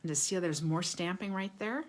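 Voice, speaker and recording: A woman hosts a live stream about handmade cards, talking casually and warmly to her viewers. Her voice sits a little low, and she laughs often between remarks. She reads viewer comments aloud as she goes. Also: brisk. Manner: chatty and enthusiastic, laughs often. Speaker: card-making livestream host.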